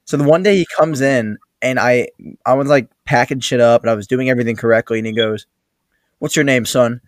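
A man's voice: medium pitch, quick pace, no room sound, clean studio sound. Young guy swearing through a work story. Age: young adult. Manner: swearing, acts out the other people in his stories. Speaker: podcast host. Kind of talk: casual storytelling chat.

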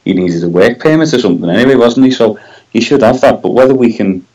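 A man's voice: mid-range voice, fast talker, darkish tone, rough recording. A man with a Scouse accent, co-hosting a casual football podcast, hesitant and full of tag questions. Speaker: podcast co-host.

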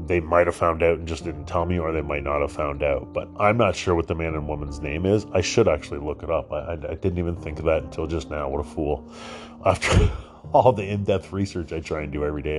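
A man's voice: a bass voice, brisk, soft background music. A male podcast host telling a personal story casually, rambling and swearing, with lots of fillers and restarts.

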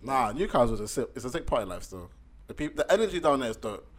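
A man's voice: medium pitch, sing-song, quick pace. A young man, chatting casually in slangy, laid-back banter. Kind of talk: casual chat.

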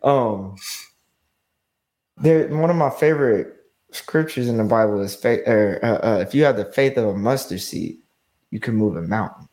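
A man's voice: on the low side, lively intonation, moderate pace, darkish tone. A man hosting a podcast, talking loosely and slangily, peppering his speech with "bro" and "you know what I'm saying". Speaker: podcast host leading the topic. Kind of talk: casual podcast talk.

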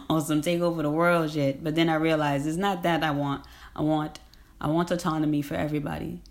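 A woman with a very low voice delivers a casual, rambling monologue. She talks emphatically in slang, laughs often, and circles back to repeat her points. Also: level tone, normal speed, creaky.

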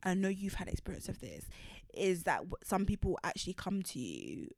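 A woman co-hosting a podcast, chatting casually and rambling with quick asides. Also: fairly low pitch, wildly swooping pitch, vocal fry, darkish tone, dry recording, clean studio sound. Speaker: podcast co-host. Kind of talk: casual chat.

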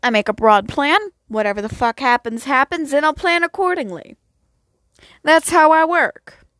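A woman's voice: high-pitched, normal speed, a bit bright, no room sound. A girl in her late teens ranting casually outdoors into her phone, blunt, profane and self-mocking. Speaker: vlogger. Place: outdoors near home at sunset.

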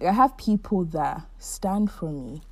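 A woman's voice: on the low side, expressive, unhurried, no echo. A woman in her twenties hosting her own podcast, talking through her feelings in a heartfelt, chatty solo monologue. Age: 20s. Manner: warm, heartfelt and chatty, with frequent likes. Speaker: podcast host.

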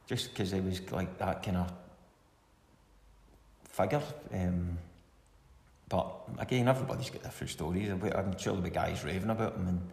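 A man's voice: deep voice, moderate pace, pauses often, darkish tone. A middle-aged Scottish man, a former footballer, telling rambling anecdotes in a casual interview and chuckling now and then. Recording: echoey room with long reverb, faint hiss.

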